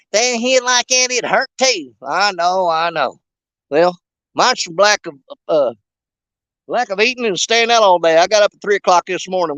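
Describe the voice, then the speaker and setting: A man's voice: fairly high pitch, no echo. A man chatting on a fishing livestream from a riverbank, joking and rambling in a folksy way. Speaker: fishing vlogger. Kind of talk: casual livestream chat. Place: outdoors on a riverbank.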